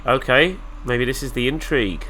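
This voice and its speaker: A man's voice: medium pitch, normal speed, pushed and bright, slight background noise. A man with a nasal, flu-stuffed voice, giving casual, sarcastic commentary while playing a video game. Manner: sarcastic, exasperated asides. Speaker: let's play host.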